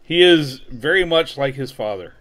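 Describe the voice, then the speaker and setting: A middle-aged man co-hosting a live show, chatting casually and telling stories in a relaxed, meandering way. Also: mid-range voice, moderate pace. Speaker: co-host of a live online show. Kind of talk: casual chat.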